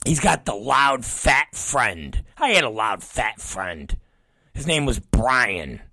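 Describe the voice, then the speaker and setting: A man's voice: medium pitch, slow pace, no room sound. A middle-aged man hosting his show, telling a profane story and acting out the voices of the people in it. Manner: animated, acts out quoted voices, swears constantly. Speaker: show host.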